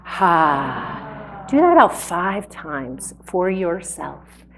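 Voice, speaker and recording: A woman with a somewhat low voice gently guides a live audience through slow breathing and laughs lightly along the way. A faint hum sits behind her. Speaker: speaker leading a breathing exercise. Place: indoor event hall before a live audience.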